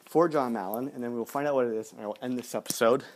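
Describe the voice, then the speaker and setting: A man's voice: medium pitch, quick pace. A man hosting a podcast while walking through city streets, rambling and self-mocking, growing out of breath. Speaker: podcast host. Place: city streets outdoors, then stairwell. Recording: noisy street recording. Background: street traffic and clicks.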